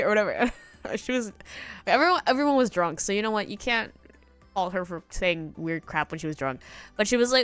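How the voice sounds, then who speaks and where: A young woman from the United States chatting casually on stream, rambling and giggling and acting out quotes in a higher voice. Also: animated, fairly quick, fairly bright tone, clean tone, dry recording, faint music behind. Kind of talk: casual chat.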